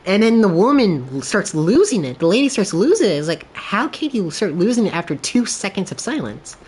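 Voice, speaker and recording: A man chatting off the cuff during a game stream. He rambles through loose, filler-packed thoughts and laughs between them. He slips into quick voices when he retells a clip. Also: high-pitched, husky. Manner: animated storytelling with quoted voices. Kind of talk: casual livestream chat.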